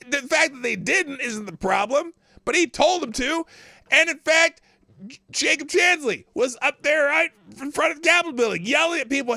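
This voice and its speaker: A man hosting a live political commentary show talks in a high, swooping voice. His tone is bright and cutting, and the recording is dry and close. He reads passages aloud and reacts with incredulous, animated remarks. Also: normal speed, creaky, no echo.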